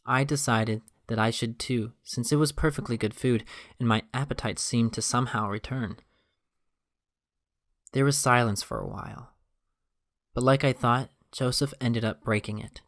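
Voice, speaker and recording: A man narrating a first-person story in a steady, even reading voice. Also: mid-range voice, normal speed.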